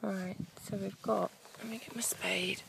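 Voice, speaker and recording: A woman chatting excitably while metal detecting outdoors in a farm field, often dropping her voice to a hushed whisper. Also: medium pitch, measured pace, gravelly, very noisy. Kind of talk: casual outdoor commentary.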